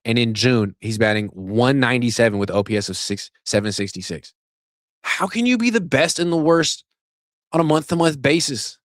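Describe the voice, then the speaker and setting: A man's voice: medium pitch, moderate pace, dry recording, clean studio sound. A man hosting a sports show, ranting in casual, sarcastic commentary that is full of swearing, and getting worked up as he goes. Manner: animated, sarcastic, swears, rants at length. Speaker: sports podcast host.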